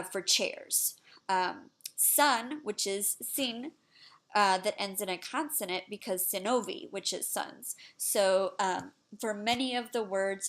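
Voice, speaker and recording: A woman giving a class presentation on language teaching, hesitant with frequent pauses and fillers. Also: mid-range voice, fairly bright tone. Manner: hesitant, many ums. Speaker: student presenter.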